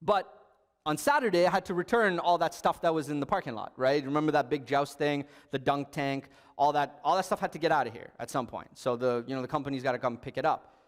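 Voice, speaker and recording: A man's voice: on the high side, quick pace, long reverb tail. A young adult man giving a sermon as a youth pastor, telling a story in a conversational way with bursts of emphasis.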